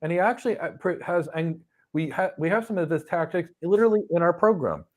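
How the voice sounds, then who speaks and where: A man's voice: on the high side, brisk. A middle-aged man hosting a question and answer session, giving career advice and acting out little stories with quoted voices. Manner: animated storytelling, acts out quoted people. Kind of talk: live Q&A advice talk.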